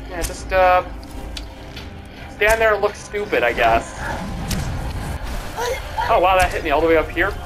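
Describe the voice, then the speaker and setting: A young man with a high, light voice talks through a video game, taunting his foes and tripping over his words as he repeats himself. Game music plays clearly behind him. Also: unhurried, pauses often. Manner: mocking, excitable, stammering repeats. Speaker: gamer streamer. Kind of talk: casual gameplay commentary.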